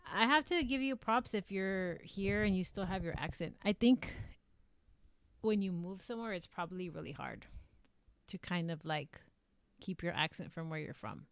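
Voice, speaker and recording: A woman's voice: on the low side, animated, moderate pace. A young woman chatting casually on her live stream, rambling and filling her talk with likes and ums. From United States.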